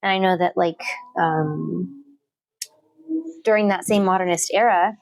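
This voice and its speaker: Woman, poetry teacher, low-ish creaky voice, dry close sound, hesitant and thoughtful. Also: steady tone, measured pace, no room sound. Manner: thoughtful, with frequent fillers and restarts. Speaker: literature teacher. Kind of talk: casual interview talk.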